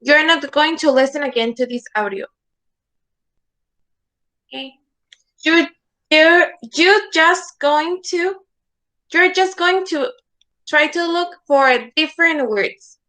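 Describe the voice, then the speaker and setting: Slow, bright-voiced woman teaching English. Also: sits high. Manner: slow, repeating words for students to echo; checks understanding with frequent "okay?". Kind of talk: online class instruction.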